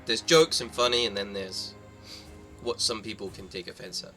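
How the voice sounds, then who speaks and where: A man's voice: fairly low pitch, fairly even intonation, moderate pace, over music. A man streaming a game live, chatting casually and joking with a friend. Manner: jokey, banters and laughs often. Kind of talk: casual chat while gaming.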